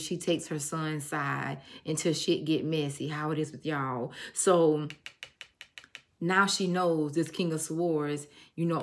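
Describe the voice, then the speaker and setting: A middle-aged woman giving a casual tarot reading, blunt and emphatic, telling stories and swearing freely. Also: low-pitched. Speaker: tarot reader.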